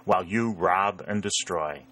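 A man's voice: deep voice, a little slow, a bit bright. A man voicing a furious wounded old colonel who thunders from his sickbed, delivering his lines with open scorn. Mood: wrathful. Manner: thundering, cursing. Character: furious bedridden old Southern colonel, roaring.

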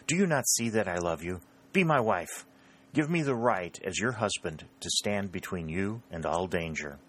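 An ardent young captain in love, read by a man in an audiobook. The voice is low and deep, earnest and pleading. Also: lively intonation, normal speed, fairly bright tone. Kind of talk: audiobook character reading.

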